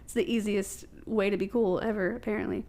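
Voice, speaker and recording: A woman's voice: medium pitch, fairly even intonation, brisk, dark tone. Midwestern American woman, podcast guest, chatty storyteller who laughs a lot. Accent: American Midwest (Ohio). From Ohio, USA. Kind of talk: casual chat.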